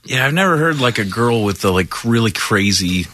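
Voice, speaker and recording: A man's voice: lowish voice, expressive, normal speed, pushed and bright, no echo. A man chatting on a radio show in a hesitant way, full of fillers. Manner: hesitant, filler-heavy talk. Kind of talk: casual radio banter.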